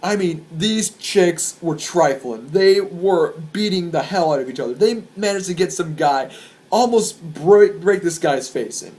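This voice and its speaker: Young male vlogger with a slightly high voice. Rambles through crowd stories, swears freely and gets excited. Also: measured pace. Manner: excitable, profane, rambling with restarts. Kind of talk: casual storytelling to camera.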